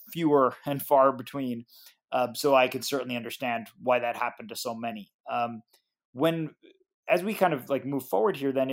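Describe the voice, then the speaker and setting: A man hosting an interview, answering thoughtfully and then steering toward his next question at a steady pace. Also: medium pitch. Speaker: interviewer, host.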